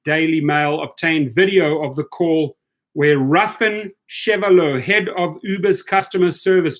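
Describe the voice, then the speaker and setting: A man hosts a live stream with a fairly high speaking voice, reading viewer comments one after another. He talks bluntly and turns indignant, hammering the same point again and again. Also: fairly bright tone. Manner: indignant, blunt, repeats himself for emphasis.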